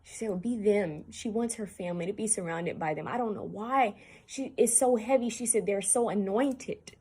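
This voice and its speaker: A woman giving a channeled spirit reading, talking earnestly and haltingly to her viewers and repeating herself as she relays messages. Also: mid-range voice, a little mellow, slightly rough. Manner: halting, repetitive, earnest, addresses viewers directly. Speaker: spiritual medium.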